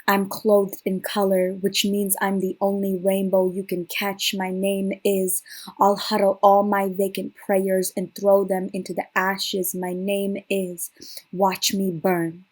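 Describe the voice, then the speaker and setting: A woman performing spoken word poetry in a measured, incantatory delivery. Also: mid-range voice, a little mellow. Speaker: poet.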